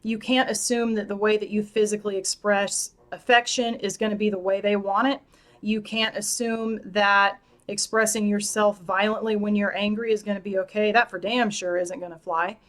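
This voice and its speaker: A woman's voice: medium pitch, little pitch movement, normal speed, a bit bright. A woman in her thirties hosting a casual Q&A video, talking candidly and emotionally and swearing freely. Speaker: host. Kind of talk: casual Q&A talk to camera.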